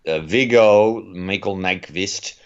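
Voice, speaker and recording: A man's voice: deep voice, slow. Chatty man on a dull recording. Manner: chatty, rambling, frequent restarts. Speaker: podcast co-host. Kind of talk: casual film chat.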